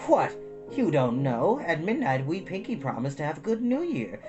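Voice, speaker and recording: A woman's voice: low-pitched, sing-song, moderate pace, highs cut off. A woman voicing a cheerful, playful older townsman who talks in a friendly sing-song, with guitar music behind. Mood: jovial.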